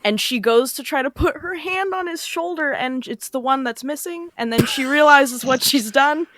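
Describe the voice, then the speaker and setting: A woman playing a tabletop game, talking in an animated, filler-heavy way. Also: high-pitched, normal speed, no echo, studio quality. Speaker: player.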